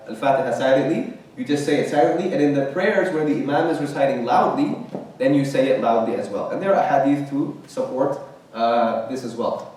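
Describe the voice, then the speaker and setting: Male religious class teacher, relaxed and conversational, recorded from afar in a reverberant mosque. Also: medium pitch. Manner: conversational, checks in with "right?" often. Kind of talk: Quran commentary class. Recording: very echoey room, distant mic.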